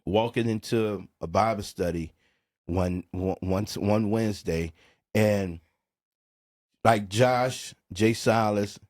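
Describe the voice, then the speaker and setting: A middle-aged New Orleans music producer talks slowly, in a voice on the low side, while telling a personal story as a podcast guest. His casual storytelling is animated, with quoted dialogue acted out and plenty of "bro" and "man."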